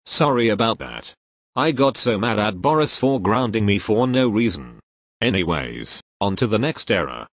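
A computer-generated male voice that reads joke error messages aloud in a flat, even, text-to-speech manner. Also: on the low side, normal speed. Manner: flat, evenly paced computer voice. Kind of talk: synthetic text-to-speech reading.

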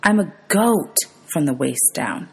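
A woman's voice: deep voice, lively intonation, a little slow, vocal fry, husky, heavily acted. A woman reading aloud, voicing a nervous, touchy young male satyr who snaps back defensively. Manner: defensive, bleating retorts.

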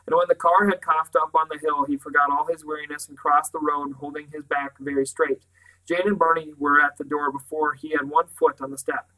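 A man reading a children's novel aloud in a plain, unhurried manner, with the odd small restart. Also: fairly high pitch, level tone, bright, forceful tone, poor audio. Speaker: audiobook reader.

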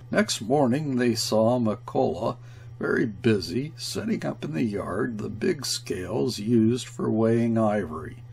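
A man reading a classic short story aloud in a slow, measured, grave manner. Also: on the low side, gravelly, husky. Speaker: audiobook reader. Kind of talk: scripted narration of a classic story.

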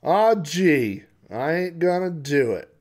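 A man's voice: high voice, quick pace, voice pushed up, lightly acted. A man voicing a cocky young gun-toting townsman in a video game, talking back with a whiny drawl. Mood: defiant.

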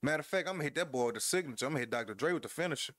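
Talking very fast and expressively, a gamer with a medium-pitched, slightly bright voice banters through his headset about his wrestling game. He trash-talks his opponent, laughs, and addresses viewers in a dry, studio-quality recording.

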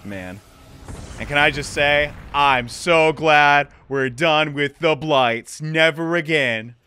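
A young man giving loud, excitable, jokey commentary as a let's play host. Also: on the high side, takes it slowly, a little hiss or hum.

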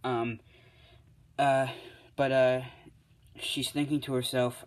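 A man's voice: mid-range voice, level tone, takes it slowly, long pauses. A young man casually telling his own fan story at home late at night, rambling with lots of fillers and humming placeholder sounds, recorded on a handheld device. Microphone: tablet or other handheld device.

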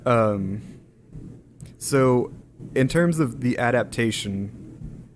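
Slow-talking, slightly hoarse man. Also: mid-range voice, lively intonation, slight background noise. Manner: rambling, hesitant, lots of ums. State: slightly hoarse from being sick. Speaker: podcast co-host. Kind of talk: casual chat.

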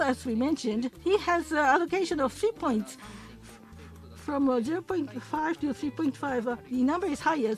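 High-voiced woman interpreting, halting delivery. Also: poor audio. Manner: halting, with frequent pauses and fillers. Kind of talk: simultaneous English interpretation of a program.

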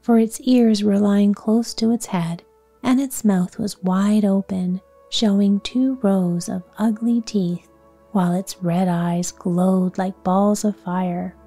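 A woman gives a whispered bedtime story reading in a soft, soothing voice. She speaks very slowly with a mellow, dark tone. Faint music plays beneath her. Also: mid-range voice, steady tone.

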